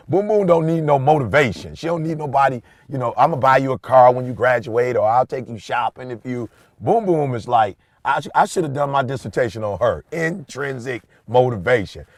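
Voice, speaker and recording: A man in his forties, a podcast host, telling a story in a casual chat, animated and swinging between hushed asides and loud bursts. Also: medium pitch, no echo, clean studio sound.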